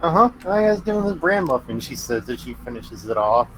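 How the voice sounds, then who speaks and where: A man's voice: mid-range voice, very animated, fairly quick, fairly bright tone, slight background noise, low-quality recording. A man playing a tabletop game in a brash, sarcastic manner, swearing freely. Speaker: player. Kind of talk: in-character tabletop play.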